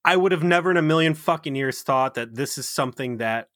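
A man with a bright, forceful voice rants sarcastically through a casual critique chat. The recording is dry and close, with no room sound. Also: on the high side, brisk, no room sound. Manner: ranting, profane, sarcastic. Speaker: podcast co-host.

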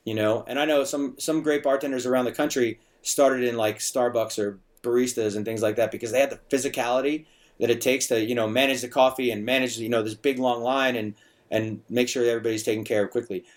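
A man's voice: medium pitch, steady tone, fast. A middle-aged man in a casual podcast conversation, talking about his bar in a chatty, storytelling way, full of restarts and fillers. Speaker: bar owner and bartender guest.

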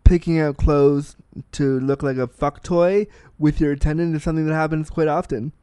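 A man in his thirties talks through a film in a loose, candid way, blunt and freely profane. His voice sits a little high for a man and comes through smooth and resonant. The sound is close and dry, with no room around it. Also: fairly even intonation, moderate pace, mellow, dry recording. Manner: blunt, profane, self-deprecating storyteller. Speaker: film reviewer. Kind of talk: candid casual film review.

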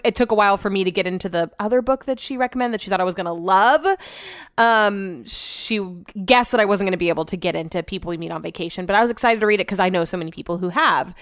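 A woman's voice: medium pitch, a bit bright, clear, resonant tone, dry recording, clean studio sound. A young woman hosting a podcast, chatting casually and self-deprecatingly, laughing often. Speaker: podcast host. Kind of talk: casual solo podcast chat.

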